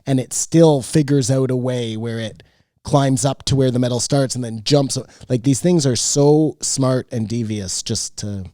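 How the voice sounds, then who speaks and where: A man with a mellow, darker tone rambles through stories, his thoughts trailing off with fillers. The sound is close and dry, like a small podcast setup. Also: mid-range voice, measured pace, no echo. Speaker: podcast co-host. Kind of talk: casual chat.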